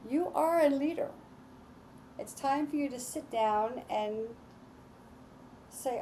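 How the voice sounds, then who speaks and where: A woman's voice: high-pitched, slow, pauses often, dark tone, slight background noise. Enthusiastic woman reading tarot cards. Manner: enthusiastic, repetitive, affirming. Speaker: astrology and tarot reader. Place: home with lawnmowers outside.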